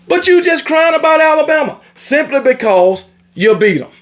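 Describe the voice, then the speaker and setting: A man's voice: extremely high pitch, very animated, normal speed, hardly any pauses. A man ranting about college football, scolding and repetitive, with casual swearing. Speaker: sports commentator. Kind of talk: ranting sports opinion monologue.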